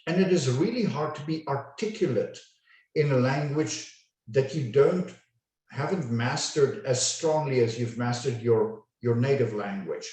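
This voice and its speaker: A man coaching a webinar audience, his mellow voice unhurried and each word deliberately enunciated. He sounds set back from the mic, with his voice ringing around a very echoey room. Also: mid-range voice, recorded from a distance. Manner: slow, deliberate, carefully enunciated. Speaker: communication coach. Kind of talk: webinar lecture.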